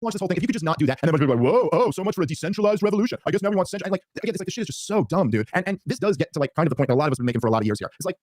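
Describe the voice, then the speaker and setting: A man's voice: fairly high pitch, animated, a little mellow, no room sound, studio quality. A man talking casually on a podcast, exasperated and packed with fillers like "like". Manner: rapid, filler-heavy, exasperated.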